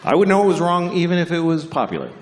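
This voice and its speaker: A man doing a stand-up comedy set, telling stories in a deadpan, unhurried way and jumping into high character voices. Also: crowd noise, noisy background. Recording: live venue with audience laughter.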